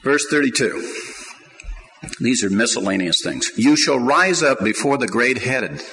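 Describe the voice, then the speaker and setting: A middle-aged man preaching a sermon, swinging between quiet asides and loud emphatic points. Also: mid-range voice, expressive, measured pace, rough recording. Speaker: pastor.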